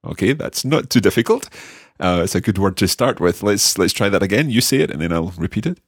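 Low husky guy hosting a language podcast, super dry close mic, slow careful repeats. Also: animated, no echo. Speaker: podcast language course host. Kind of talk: friendly scripted lesson banter.

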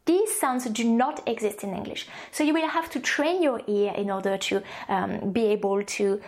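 A woman's voice: on the high side, normal speed, a little mellow. A woman with a French accent, a native French speaker, teaching a recorded language course. She explains step by step, with many ums and restarts. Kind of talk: recorded online course lesson.

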